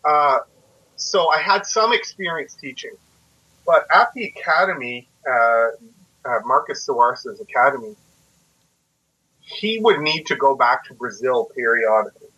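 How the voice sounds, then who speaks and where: A man's voice: mid-range voice, expressive, a little slow, bright, forceful tone, slightly rough. A man from Canada in his forties, a guest telling stories in a casual interview, reflective and self-deprecating, explaining things step by step. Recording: muffled lo-fi audio.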